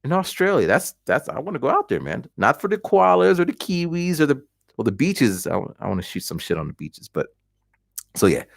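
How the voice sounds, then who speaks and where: In clean studio sound with no room sound, a man's slightly high, creaky voice comes through at a fairly quick pace. In his forties, he hosts a casual livestream at home and tells animated stories with voiced reactions.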